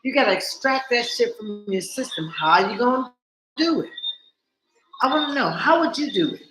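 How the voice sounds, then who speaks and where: Animated vlogging woman in a roomy space. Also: fairly high pitch, normal speed. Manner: animated, swears freely, talks straight to viewers. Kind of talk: casual monologue.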